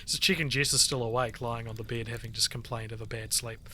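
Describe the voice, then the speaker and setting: A man on a podcast reading a creepy internet story aloud to friends, lively and full of swearing. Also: medium pitch, a little fast, a little hiss or hum. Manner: animated storyteller, swears freely, breaks off to chat. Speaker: podcast co-host reading stories.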